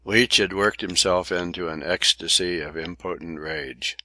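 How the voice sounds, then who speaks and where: A man narrating a classic adventure novel as an audiobook, in measured, literary storytelling. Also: low-pitched, pushed and bright, dry recording. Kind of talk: scripted narration.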